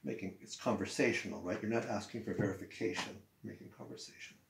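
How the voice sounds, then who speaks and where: A man's voice: fairly low pitch, quick pace, gravelly. A man teaching an English grammar lesson at a whiteboard, acting out example sentences with swooping intonation. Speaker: ESL teacher. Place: room with a whiteboard. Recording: echoey room with faint noise.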